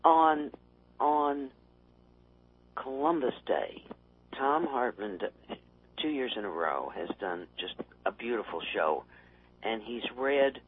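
A man chatting on a talk radio show, wry and quick to laugh at his own remarks. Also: fairly low pitch, slightly rough. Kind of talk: casual political talk radio chat. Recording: tinny phone line.

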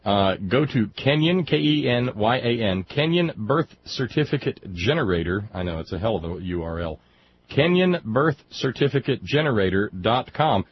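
A man hosting a radio show, talking in a halting, repetitive way with dry humor. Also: medium pitch, sing-song, dull audio, a little hiss or hum. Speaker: radio host. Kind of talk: casual chat.

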